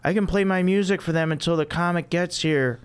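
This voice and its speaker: An airy, scatterbrained young woman with a high, floaty voice, as a man puts her on in falsetto while reading a sitcom script. The tone stays smooth and clear. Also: fairly quick, natural voice. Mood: apologetic. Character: flaky, dreamy young woman, airy and odd.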